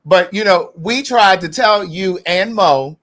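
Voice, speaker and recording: A woman's voice: on the low side, lively intonation, a little slow, a bit bright. A woman hosting a casual podcast chat, talking bluntly and emphatically with plenty of profanity. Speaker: podcast host.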